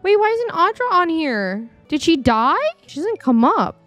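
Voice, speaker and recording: A woman's voice: very high voice, big pitch swings, unhurried, fairly bright tone, dry recording, soft background music. A woman streamer chatting playfully through a life-simulation game, humming and giggling to herself on a desktop mic. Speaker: gaming streamer. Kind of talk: casual gameplay commentary. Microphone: desktop dynamic mic.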